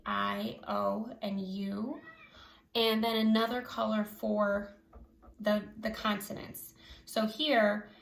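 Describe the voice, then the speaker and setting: A woman teacher giving a slow phonics lesson to children, stretching out each sound clearly. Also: medium pitch. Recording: echoey room.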